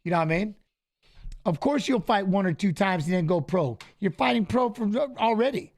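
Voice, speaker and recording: A man's voice: high voice, moderate pace. A middle-aged man co-hosting a live fight watch-along, telling stories casually and acting out the dialogue he quotes. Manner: animated, acts out quoted dialogue, repeats "I go". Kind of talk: casual storytelling on a live stream.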